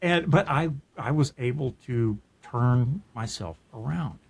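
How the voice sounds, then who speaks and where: A man's voice: mid-range voice, animated, measured pace, vocal fry, husky. Earnest middle-aged man telling his story. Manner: earnest, reflective, with frequent restarts and soft laughs. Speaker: podcast co-host. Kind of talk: casual conversational storytelling.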